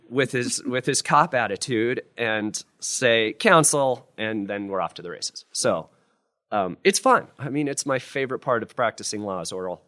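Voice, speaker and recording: A man's voice: on the low side, a bit bright, no echo, studio quality. A man, a criminal defense lawyer, talking casually and with self-deprecating humor on a live panel in front of law students. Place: law school lecture room with student audience.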